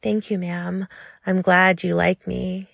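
A woman voicing a nervous, eager young man who is polite and submissive, speaking in a jumpy, hurried way. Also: on the low side, flat delivery, vocal fry, dry recording, clean studio sound, exaggerated voice.

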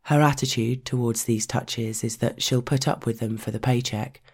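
A man reading an adult story aloud as a narrator, in steady, measured storytelling. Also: mid-range voice, slightly rough.

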